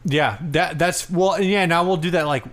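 A man's voice: fairly high pitch, moderate pace, a bit bright. A young man co-hosting a podcast after a few drinks, joking around and breathing hard into the mic. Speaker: podcast co-host. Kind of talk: casual chat.

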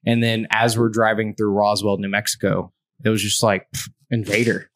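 A man's voice: lowish voice, little pitch movement, normal speed, no echo. A man guesting on a podcast, rambling through stories with lots of fillers and swearing. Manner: rambling, filler-heavy, profane. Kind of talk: casual chat.

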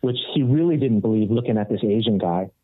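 A man, a rock guitarist and podcast guest, telling a story in a casual, animated way and acting out the other people's voices. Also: fairly low pitch, quick pace, no echo. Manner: animated, acts out quoted voices. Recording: tinny phone-like dry audio.

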